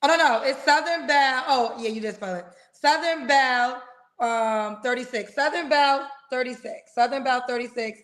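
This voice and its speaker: Chatty high-voiced woman hosting a dating show. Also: normal speed, a bit bright. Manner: chatty and playful, uses slang like "child" and "girl". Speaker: host of a live singles dating show. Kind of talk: casual live-stream chat.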